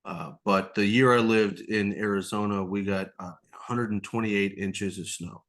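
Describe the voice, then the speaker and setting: A man's voice: lowish voice, steady tone, normal speed, a bit bright. A man who is a podcast guest, telling a rambling story in casual chat, swearing freely and acting out the other people in it. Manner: rambling, swears a lot, acts out voices.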